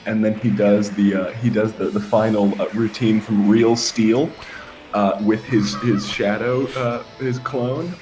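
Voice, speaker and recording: A man narrating his move in a tabletop game, hesitant and full of pauses. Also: fairly low pitch, fairly even intonation, a little mellow, faint music behind. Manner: hesitant, filler-heavy. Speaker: player.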